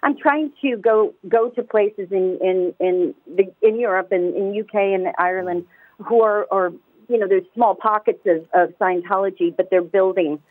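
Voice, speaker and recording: A woman calling in to a radio talk show, speaking fast and emphatically and often restarting her words. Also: mid-range voice, dry recording. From United States. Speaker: caller. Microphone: telephone. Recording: tinny phone line, dry.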